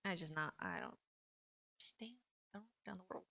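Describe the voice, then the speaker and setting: A woman in her thirties hosting a casual live stream, talking in an animated, indignant way and saying "like" often. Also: lowish voice, fast, creaky, slight background noise. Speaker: livestream host.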